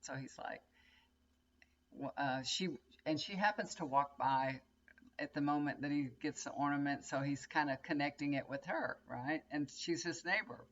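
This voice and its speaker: An older woman who reads tarot and vlogs chats casually to the camera from her bedroom at home, rambling and telling stories. Her voice is low and the recording sounds muffled.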